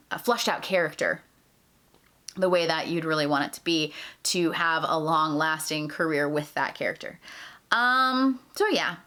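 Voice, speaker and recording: A chatty woman puppeteer talks through tips in a relaxed tutorial vlog. Her voice sits a little on the low side, and she rambles with plenty of "um" and "like" fillers.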